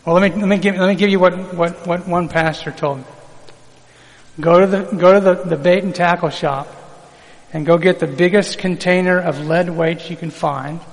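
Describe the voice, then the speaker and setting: A man's voice: high-pitched, fairly even intonation, moderate pace, big-room sound, rough recording. A man preaching a sermon, reading scripture aloud and drawing call-and-response from the congregation.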